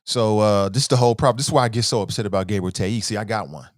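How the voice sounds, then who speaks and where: A man hosts a talk show in a casual livestream commentary style, reading viewer comments aloud, often opening with "uh," then stressing words as he argues his points. His voice is fairly low and very fast, captured in clean, dry studio sound.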